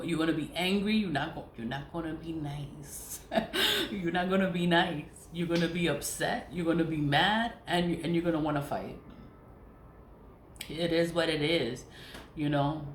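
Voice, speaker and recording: A woman's voice: lowish voice, reverberant, a little hiss or hum. A woman vlogger ranting casually to camera, blunt and profane, repeating herself with laughing asides.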